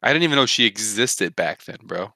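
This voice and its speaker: A man's voice: on the low side, expressive, brisk, creaky, sharp tone, no echo. A young man co-hosting a casual podcast chat with friends, joking, swearing freely and laughing often. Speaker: podcast co-host.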